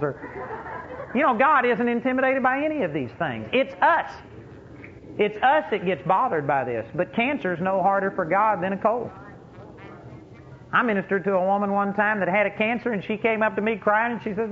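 A man's voice: high voice, lively intonation, normal speed. A man preaching a sermon, telling folksy stories with emphatic punch and frequent laughter. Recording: tinny phone-like recording with faint hiss.

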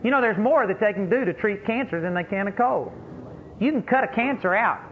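A man's voice: high voice, animated, brisk. A man preaching a sermon, telling folksy stories with emphatic punch and frequent laughter. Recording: tinny phone-like recording with faint hiss.

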